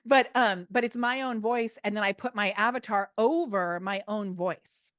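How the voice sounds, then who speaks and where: A woman guest on a podcast, telling stories in a bubbly, animated way with lots of fillers. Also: mid-range voice, normal speed, no echo, studio quality. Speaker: guest, business coach. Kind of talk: casual podcast interview.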